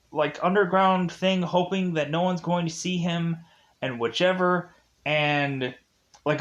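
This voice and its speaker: A man's voice: high-pitched, fairly bright tone. A young man casually recapping a film, rambling with many fillers and acting out the characters' lines. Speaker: film reviewer.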